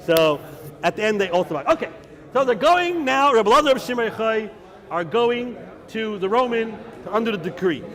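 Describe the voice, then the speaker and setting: A man teaching as a rabbi, animated and conversational, peppering his story with Hebrew and Yiddish terms in a lecture room with students. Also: high-pitched, fairly quick. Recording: class recording with listening crowd.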